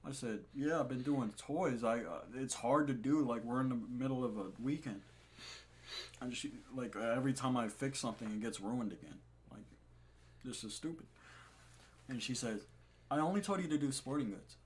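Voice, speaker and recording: A man's voice: mid-range voice, normal speed. Young man telling a profane work story. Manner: profane, laughing, animated retelling. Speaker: podcast co-host. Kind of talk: casual storytelling chat. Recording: faint background noise.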